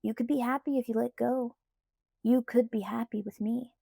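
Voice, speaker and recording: A woman's voice: fairly high pitch, steady tone, moderate pace, vocal fry, dark tone, husky, no echo, clean studio sound. A woman reading the part of a cheerful, persistent teenage boy in an easygoing, coaxing way.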